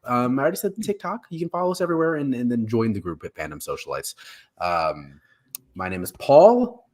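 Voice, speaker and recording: A man's voice: medium pitch, very animated, brisk, a little mellow. A man hosting a pop culture podcast in a casual, rambling way, often laughing at himself. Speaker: podcast host.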